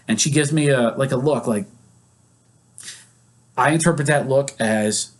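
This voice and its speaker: A man's voice: mid-range voice, a little slow, long pauses. A male psychologist who leads therapy groups, teaching casually and acting out example scenes in quoted voices. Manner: conversational, with many fillers.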